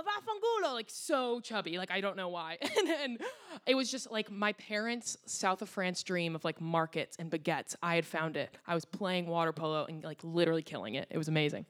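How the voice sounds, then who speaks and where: A young woman from the United States telling a personal story on stage at a live storytelling event, chatty, with many asides and fillers. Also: mid-range voice.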